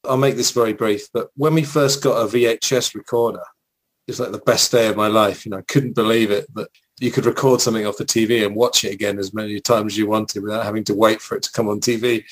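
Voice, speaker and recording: A low-ish, steady male voice moves at a quick pace as this English co-host reminisces at length, rambling with plenty of fillers in a relaxed podcast chat. The recording quality is rough.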